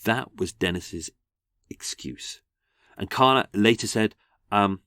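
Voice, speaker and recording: A man's voice: fairly low pitch, takes it slowly, dry recording, clean studio sound. An English man hosting a true-crime podcast in a chatty, wry way. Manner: chatty, animated, wry asides. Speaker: podcast host.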